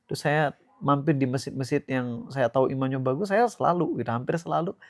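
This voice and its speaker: Male Islamic teacher, Indonesian accent, unhurried drawn-out delivery, friendly guest tone. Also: medium pitch. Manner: measured, drawn-out emphatic phrasing with frequent restarts. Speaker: ustadz guest giving advice. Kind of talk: relaxed preaching talk.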